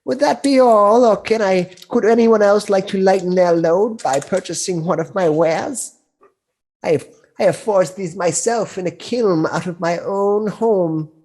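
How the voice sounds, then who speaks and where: Man putting on a high, slow old crone, sugary and sly, tabletop game character. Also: a little mellow. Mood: grateful. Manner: slow, drawn-out and sweetly grateful. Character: kindly, sly old crone who crafts cups.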